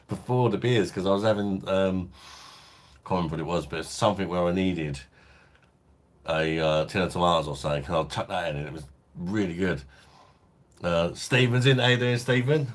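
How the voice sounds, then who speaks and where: A man hosting a casual beer review livestream, chatting laid-back and reading out viewer comments. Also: low-pitched. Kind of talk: casual live-stream chat.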